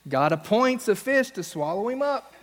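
A man's voice: sits high, sing-song, moderate pace, fairly bright tone, big-room sound. A male pastor preaching a sermon on stage, telling stories and acting out the voices of the people in them. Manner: storytelling, acts out quoted voices. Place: church stage.

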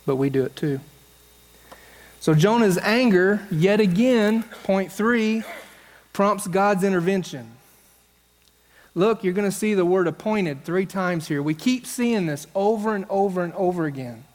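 A man's voice: high voice, measured pace, in a large hall. A male pastor preaching a sermon on stage, telling stories and acting out the voices of the people in them. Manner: storytelling, acts out quoted voices. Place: church stage.

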